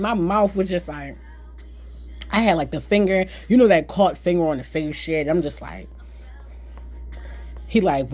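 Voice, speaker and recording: A woman's voice: mid-range voice, animated, normal speed, a little mellow, husky. Woman, twenties, podcast host, frank profane storytelling, laughs a lot. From Philadelphia. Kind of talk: casual storytelling chat.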